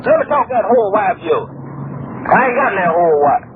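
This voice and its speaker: A man's voice: very animated, normal speed, pauses often. A man making a crude, taunting prank phone call, picking a profane argument. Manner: taunting, crude, high-pitched and hammy. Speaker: prank caller. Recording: tinny phone line with noise.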